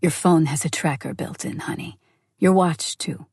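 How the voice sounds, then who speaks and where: A woman voicing a suave, commanding man with a British accent, speaking low and hushed in an audiobook. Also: moderate pace, breathy edge, no room sound, clean studio sound. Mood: commanding, teasing.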